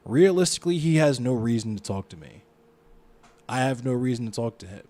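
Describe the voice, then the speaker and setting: A man's voice: medium pitch, expressive, fairly quick. A man with a Baltimore accent, streaming live, reading a news story aloud and reacting to it with a lot of swearing. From Baltimore, United States. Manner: profane, reacts loudly to what he reads.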